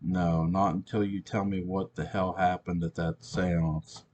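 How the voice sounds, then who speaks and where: A man's voice: deep voice, little pitch movement, unhurried, darkish tone, breathy edge, lo-fi sound. A man voicing a nervous male fraud medium who pleads and defends himself. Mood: pleading.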